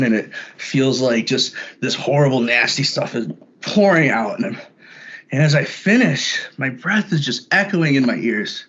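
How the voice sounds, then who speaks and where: Halting man telling a personal story. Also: mid-range voice, fairly bright tone. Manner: halting, often repeats words when starting a thought. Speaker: podcast guest. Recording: dull lo-fi sound.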